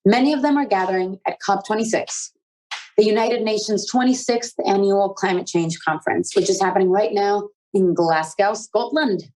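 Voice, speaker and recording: A woman's voice: medium pitch, brisk, darkish tone, poor audio. A young woman hosting a conversation, presenting with eager, upbeat energy. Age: young adult. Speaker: host of the youth conversation. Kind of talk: scripted presenting and casual questions.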